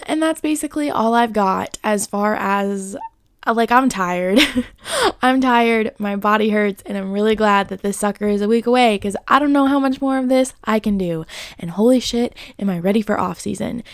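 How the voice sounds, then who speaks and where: A woman's voice: medium pitch, dry recording, clean studio sound. A woman hosting a casual podcast, chatty and self-deprecating, laughing often and swearing freely. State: hiccups. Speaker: podcast host.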